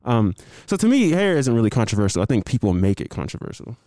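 A man's voice: mid-range voice, big pitch swings, fast talker, dark tone, no room sound, clean studio sound. A young man co-hosting a podcast, talking loosely in casual chat with easy slang. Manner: laid-back, laughs often, loose slang. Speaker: podcast co-host.

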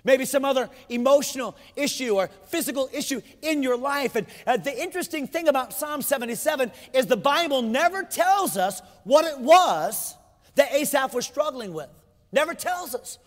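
A man's voice: extremely high pitch, long reverb tail. A pastor preaching a sermon to his congregation, emphatic, repeating his phrases and asking rhetorical questions.

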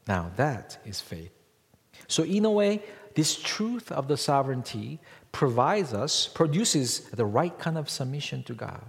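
His sermon echoing through a church's long hall reverb, a male pastor shifts from booming emphasis to hushed, low-voiced asides, constantly asking the congregation rhetorical questions. He is animated yet unhurried, and his voice has some vocal fry.

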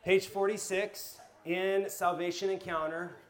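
Energetic pastor teaching a live group. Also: male voice, sits high, a little slow. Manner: energetic, asks the audience questions, tells personal stories.

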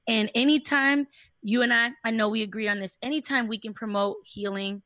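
A woman guest on a podcast speaks in a high, very bright and dry voice. She is expressive and playful, with warm, heartfelt asides. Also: a little fast, dry recording. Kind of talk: casual chat.

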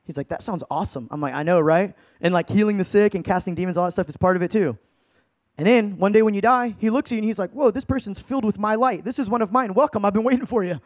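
A man with a high, light voice preaching like he's talking to a buddy, tossing in dude and bro. He runs his storytelling sermon with big swings between quiet intensity and loud bursts. The sound is dry and close, with no room around it. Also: fast talker, dry recording. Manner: casual slang-heavy, calls listeners dude and bro. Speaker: evangelist.

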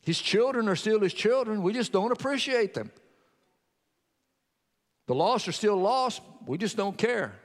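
Male preacher, high tenor, telling a testimony then exhorting; long hall reverb. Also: expressive, measured pace, long pauses. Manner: storytelling, quoting a convert's testimony. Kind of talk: sermon.

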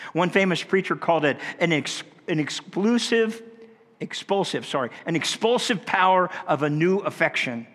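A man's voice: fairly high pitch, fairly bright tone. A man preaching a sermon in an earnest, conversational way, swinging his voice up and down for emphasis. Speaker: pastor. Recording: long reverb of a large hall.

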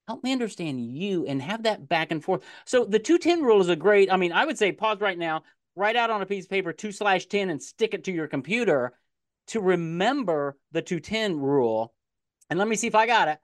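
A middle-aged man hosting a sales podcast interview in a casual, excitable way, often repeating words as he gets going. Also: high-pitched, fairly quick, no echo, clean studio sound. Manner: animated, laughs easily, repeats words when excited. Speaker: podcast host.

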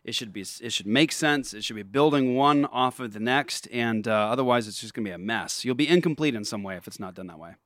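A man's voice: mid-range voice, fast talker, hardly any pauses, a bit bright, no room sound, clean studio sound. A man hosting a casual talk show, telling stories in a chatty way and laughing easily. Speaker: podcast host. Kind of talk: casual chat.

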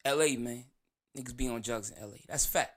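A man hosting his own show, talking through a casual, profane monologue full of slang and animated storytelling. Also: medium pitch, fairly quick. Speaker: show host.

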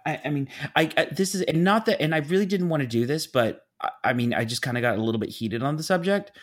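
A man in his thirties, animated and emphatic, casually telling a story on a podcast. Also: fairly high pitch, fast talker, hardly any pauses.

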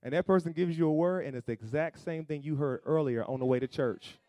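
Man preaching, call-and-response, loud peaks and low asides, fairly high voice, dry sound. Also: fast, no echo. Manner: acts out quoted voices in asides. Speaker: pastor. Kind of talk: sermon.

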